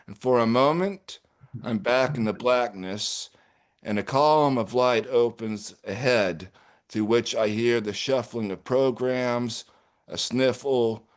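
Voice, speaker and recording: A man reading his own short story aloud in a measured, deliberate way. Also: medium pitch. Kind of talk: literary reading.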